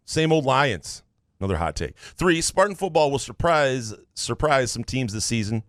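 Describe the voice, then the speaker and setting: Deadpan man reading sports takes. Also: moderate pace, dry recording, studio quality. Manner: deadpan, drops low for asides, reads listener takes aloud. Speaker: sports podcast co-host. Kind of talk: casual sports chat.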